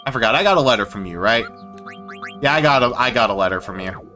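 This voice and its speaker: A man giving casual, rambling commentary while streaming a game, self-deprecating and quick to swear. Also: mid-range voice, animated, pushed and bright, faint music behind.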